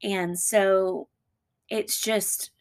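Gravelly-voiced woman co-host. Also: mid-range voice, steady tone. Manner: supportive, quick agreeing interjections. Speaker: podcast co-host. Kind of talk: casual podcast chat.

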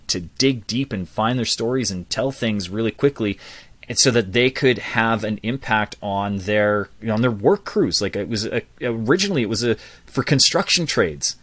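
A man around forty, a public speaking coach, telling his life story as a guest in an interview with lively asides. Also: mid-range voice, no echo. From Canada.

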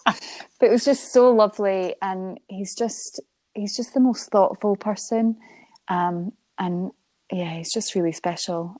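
A young woman, a guest in an interview, chatting warmly about her life and laughing often as she tells a story. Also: mid-range voice, moderate pace, no echo. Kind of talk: emotional interview conversation.

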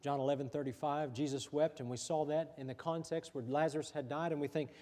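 A man preaching a sermon as pastor, pausing often, repeating rhetorical questions and letting his voice drop softly at the ends of lines. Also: a little high, steady tone. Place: church sanctuary. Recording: church hall reverb.

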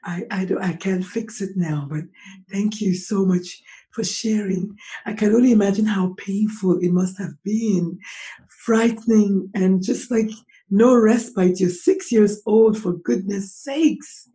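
A woman's voice: medium pitch, a little slow, warm tone. A woman from Nigeria, hosting a podcast interview and talking empathetically, thinking aloud with rhetorical questions. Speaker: podcast host. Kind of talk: conversational interview.

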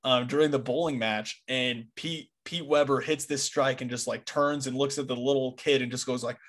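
An excitable young man co-hosting a sports podcast in loose, casual chat. He peppers his talk with "dude" and "like", at a middle pitch for a man. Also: normal speed. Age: young adult. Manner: excitable, says "dude" a lot. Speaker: podcast co-host.

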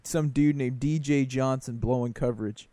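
A man co-hosting a casual sports podcast, talking in an animated, wry way. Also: medium pitch, normal speed, no room sound. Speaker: podcast co-host.

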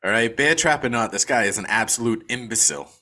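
Bright-voiced man ranting emphatically. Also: medium pitch, fast. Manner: emphatic, profane, repeats himself for emphasis. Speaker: podcast co-host. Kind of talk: casual movie discussion. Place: video call.

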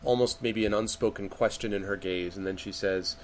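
A man's voice: lowish voice, fairly even intonation, a little fast, slight background noise. A man narrating a tabletop game as game master, with loose delivery full of fillers, voicing the characters' lines himself.

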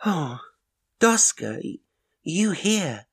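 Guy doing a squeaky excited little girl just woken up, high bright exclamations. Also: very slow, slightly rough, exaggerated voice. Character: young girl, just woken, eager and affectionate.

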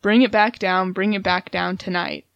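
A young woman co-hosts a casual podcast, offering matter-of-fact readings of song lyrics with a teasing edge. Her voice is mid-pitched and recorded dry and close, with no room sound. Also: fairly even intonation, moderate pace, creaky, no echo, highs cut off. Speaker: podcast co-host.

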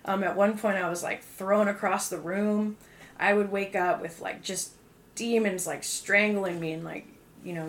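Speaking at a moderate pace in a medium-pitched voice, a young guest shares her testimony as casual storytelling. She leans on fillers such as "um" and "like" and acts out quotes with animation, and there's slight background noise.

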